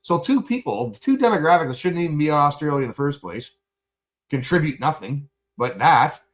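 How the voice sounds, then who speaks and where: A man venting in a profane, angry livestream rant, buzzed and high. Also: animated, a little fast, a little hiss or hum.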